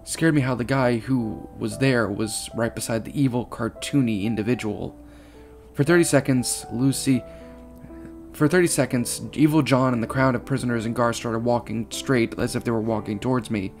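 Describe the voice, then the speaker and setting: A man reading a horror story aloud, steady, with small slips and restarts. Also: medium pitch, normal speed. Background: faint guitar music.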